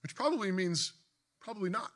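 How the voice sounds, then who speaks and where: Guy preaching a sermon, pretty high voice, earnest, gets emphatic, lots of restarts. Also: animated, a little fast, fairly bright tone. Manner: earnest, rising to emphatic bursts, frequent restarts.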